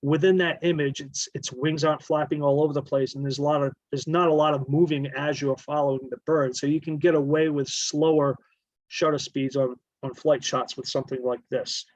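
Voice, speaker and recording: A man's voice: fairly high pitch, steady tone, a little fast, dry recording, low-quality recording. A man giving a casual slideshow presentation on bird photography, explaining at length and often correcting himself mid-sentence. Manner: explanatory, rambling, self-correcting.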